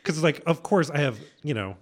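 A man's voice: on the high side, lively intonation, fairly quick, a little hiss or hum. A man with a Texan accent co-hosting a radio talk show, telling rambling, self-conscious stories with many fillers. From Texas. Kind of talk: casual chat.

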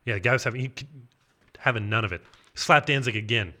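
Male comic storyteller: fast, bright tone, rambling and deadpan, heavy on fillers. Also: medium pitch. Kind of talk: improvised comedic anecdote.

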